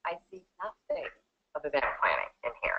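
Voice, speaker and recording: A woman's voice: sits low, lively intonation, a little fast, slightly rough, muffled recording. A woman interviewer asking direct, probing questions. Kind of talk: job interview.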